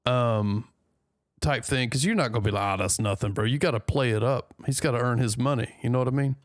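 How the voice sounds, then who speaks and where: A US man hosting a news reaction reads a news story aloud haltingly, cracking jokes between lines in casual commentary. His voice is mid-range, and the recording is studio quality with no room sound.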